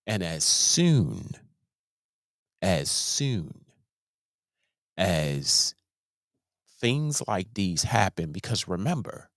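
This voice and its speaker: A deep-voiced man talks slowly, his pitch rising and falling a lot as he comments. He keeps repeating and restarting words while he makes his points with emphasis. The sound is dry and close, with no room echo. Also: creaky. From Baltimore, USA. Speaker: host. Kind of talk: casual commentary.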